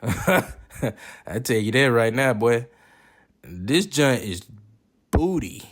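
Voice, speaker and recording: A man's voice: mid-range voice, drawn-out words. A man giving casual, joking and profane commentary while reviewing movies. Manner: profane, joking, animated reactions.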